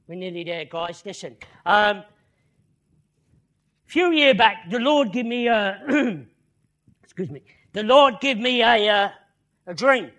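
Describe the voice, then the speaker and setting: Male preacher, very high pitched, sharp tone; storytelling sermon delivery with repeated lines and call-outs to the room. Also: expressive, slow pace, pauses often. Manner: repeats phrases, calls "listen" and "yeah?" to the crowd.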